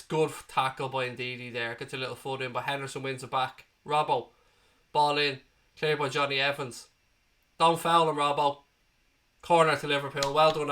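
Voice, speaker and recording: A man hosting a live football watchalong, calling the play and chatting with viewers, excitable and prone to swearing as he cheers. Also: on the high side. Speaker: watchalong host. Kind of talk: live match commentary and chat. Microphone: desk microphone.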